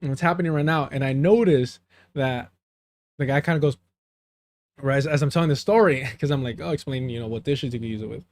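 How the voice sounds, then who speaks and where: This mid-range, darkish male voice moves briskly as a border-region streamer rambles on to his chat. His long story wanders, he sprinkles in Spanish, and he often struggles to find the right words.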